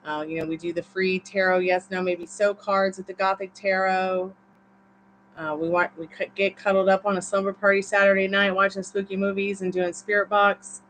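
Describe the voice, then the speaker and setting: A woman's voice: mid-range voice, flat delivery, normal speed, fairly bright tone, a little hiss or hum, poor audio. A woman with a Southern accent gives a live-streamed tarot reading in a chatty, encouraging, rambling way. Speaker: tarot reader.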